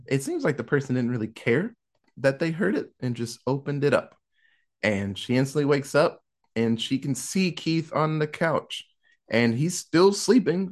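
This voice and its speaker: A man retells a movie plot in a loose, chatty way, and his pitch rises and falls widely as he slips into the characters' lines. His voice sits at an everyday middle height. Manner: animated storyteller who acts out quotes. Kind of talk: casual film recap storytelling.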